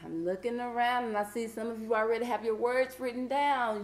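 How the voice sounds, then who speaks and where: A woman teacher leading a vocabulary lesson, patient and encouraging, reading clues out slowly. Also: on the high side, echoey room. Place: classroom.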